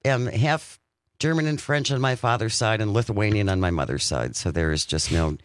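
A man's voice: lowish voice, normal speed, dry recording, clean studio sound. A man hosting a radio talk show in casual chat, reading out the phone number and listener messages. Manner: animated, reads out the phone number and listener texts.

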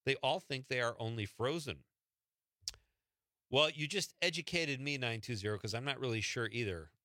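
Bright-voiced easygoing radio host. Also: male voice, mid-range voice, normal speed, no room sound, clean studio sound. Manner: easygoing, chatty, laughs often. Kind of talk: late-night radio call-in chat. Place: radio studio.

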